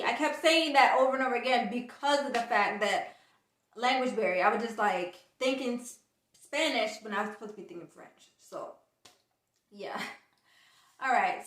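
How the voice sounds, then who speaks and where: A woman's voice: on the high side, moderate pace. A woman vlogger telling a casual storytime and acting out the dialogue as she goes. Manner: animated storyteller, acts out quoted dialogue. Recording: echoey room, distant mic.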